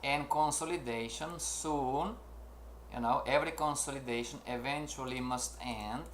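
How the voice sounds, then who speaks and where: A man teaching a live online trading lesson, animated and checking in often with his class, acting out traders' worries in their own voices. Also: medium pitch, moderate pace, slight background noise. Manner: animated, repeats "make sense, everybody?", acts out traders' inner voices. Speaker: trading instructor. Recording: roomy echo.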